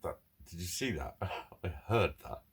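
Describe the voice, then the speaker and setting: Male vlogger, gravelly and husky, candid, profane rant. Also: deep voice, animated, a little slow. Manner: heavy swearing, ranting, candid. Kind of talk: confessional monologue.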